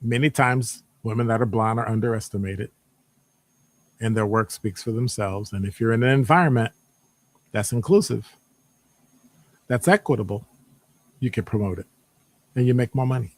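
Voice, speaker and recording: A man with a Midwestern American accent, presenting a live online session. He reads out audience answers, quizzes them and teases them in an animated, joking way. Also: lowish voice, normal speed, pauses often. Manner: animated, jokey, teasing the audience. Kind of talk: live-streamed lecture with chat.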